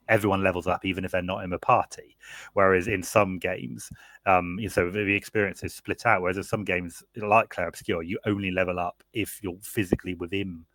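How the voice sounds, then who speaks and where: Podcast co-host: deep-voiced man, dry close mic, lively rambling chat. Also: no room sound. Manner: animated, laughing, rambling with fillers. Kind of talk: casual chat.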